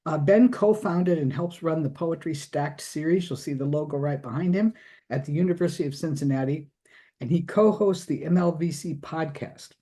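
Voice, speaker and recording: Woman hosting in a mellow voice. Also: low voice, normal speed. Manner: listing credits in an even, formal introduction. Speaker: host and poetry editor. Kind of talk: introducing a reading guest.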